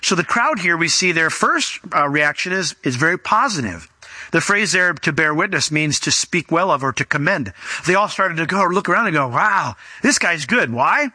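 Bright-voiced pastor preaching emphatically. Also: male voice, on the high side, lively intonation, moderate pace, dry recording. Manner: emphatic, conversational teaching. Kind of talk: sermon.

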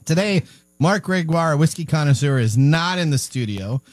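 A man's voice: on the high side, lively intonation, no room sound. A man hosting a weekly tech radio show, chatting casually and often stumbling over repeated words. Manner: halting, repeats words when restarting. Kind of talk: casual talk radio banter.

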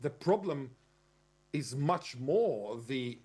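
A man's voice: mid-range voice, animated, slow pace, darkish tone, breathy edge. A man giving an argumentative lecturing monologue, stressing key words and spelling out terms. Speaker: commentator.

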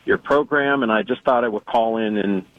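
A man's voice: mid-range voice, moderate pace. A man calling in to a radio show from a phone while driving, speaking politely and hesitantly with many fillers. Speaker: caller. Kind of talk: phone call-in. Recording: tinny phone line.

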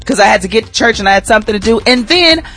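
A middle-aged woman hosting a radio morning show, telling a personal story with lively, preachy lessons and calling listeners y'all. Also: a little high, racing, slightly rough, faint music behind. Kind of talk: casual testimony with sermon-like lessons.

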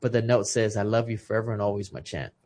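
A man's voice: on the low side, level tone, fast, darkish tone. A man in his thirties, a retired boxer from Texas, telling an emotional personal story in a casual interview, earnest and full of restarts.

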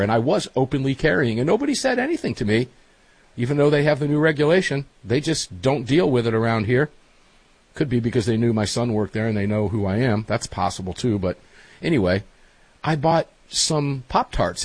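Man, talk-show host, husky voice, lively swinging pitch, casual chatty storytelling. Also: no echo. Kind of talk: casual chat.

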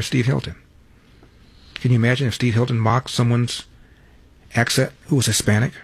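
An older man hosting a call-in radio talk show, brisk and emphatic, rattling off points in quick lists. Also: medium pitch, slightly rough, no room sound.

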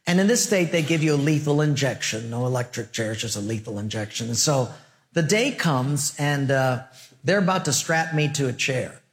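A male preacher at a middle pitch delivers a sermon full of stories. He is animated and jokey, acting out the back-and-forth dialogue himself. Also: normal speed. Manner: animated, joking, acts out dialogue. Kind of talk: sermon with storytelling.

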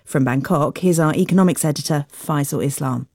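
Woman newsreader, low mellow voice, dry studio sound, formal measured delivery. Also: husky, no room sound. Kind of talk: scripted news bulletin.

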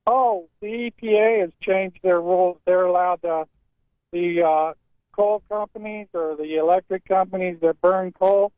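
A man hosts a call-in radio show and talks in a blunt, grumbling way. His voice sits fairly high. The sound is thin and phone-like with no room echo. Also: fairly even intonation, measured pace.

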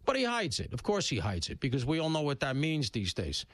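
A man hosting a talk radio show, talking bluntly and casually, with loud emphatic bursts and low asides. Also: huge pitch swings, a little fast, no room sound. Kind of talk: opinionated talk radio monologue. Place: radio studio.

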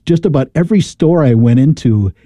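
A man's voice: medium pitch, lively intonation, brisk, warm tone, no echo, dull audio. A man with an American accent hosting a radio pledge drive, chatting enthusiastically with fillers and restarts. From United States. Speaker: radio host.

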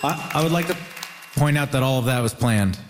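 A comedian from Ontario doing stand-up with wry, deadpan punchlines. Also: male voice, medium pitch, a little fast, in a large hall, very noisy. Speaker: comedian, debater.

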